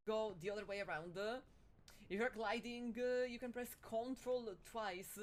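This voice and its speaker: A woman's voice: fairly high pitch, steady tone, measured pace. A woman with an Italian accent giving playful, joking live-stream commentary to her chat while playing a game. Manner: playful, jokey, addresses chat.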